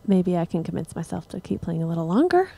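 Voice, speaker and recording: A young woman musician casually chatting with her livestream viewers between songs, relaxed and rambling. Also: lowish voice, fast talker, creaky, breathy edge. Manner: relaxed, rambling, laughs at herself.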